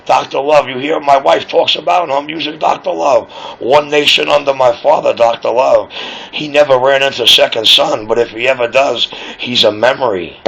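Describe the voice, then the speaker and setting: A man's voice: mid-range voice, steady tone, moderate pace, creaky, a bit bright, husky. A man talking casually over a radio link, rambling, boastful and swearing freely. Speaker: radio operator on air. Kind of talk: casual on-air chat. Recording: dull lo-fi radio audio.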